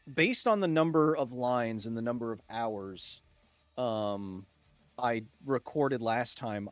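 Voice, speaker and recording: A man's voice: mid-range voice, no room sound. Chatty male game streamer, dry close mic. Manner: chatty, jokey, reads chat aloud and laughs often. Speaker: gaming livestream host. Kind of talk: casual live-stream chat.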